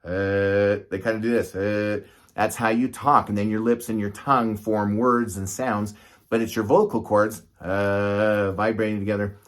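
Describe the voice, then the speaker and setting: A man's voice: lowish voice, level tone, moderate pace. Middle-aged male physician, casual explainer who is talky and checks in with listeners. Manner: conversational, asks "right?" often, gestures to demonstrate. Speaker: doctor explaining medicine.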